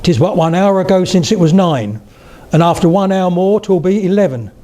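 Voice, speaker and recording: A man's voice: high-pitched, expressive, moderate pace, mellow, pitched above the performer's own voice. An older man reciting as a wry courtier declaiming verse.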